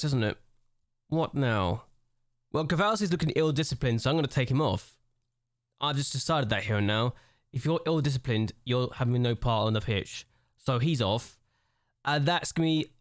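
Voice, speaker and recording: A young man talks through a football management game, venting his exasperation out loud as he plays. His voice sits at an ordinary middle pitch. The sound is close and dry, with no room around it. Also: no room sound. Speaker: gaming YouTuber. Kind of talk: let's-play gameplay commentary.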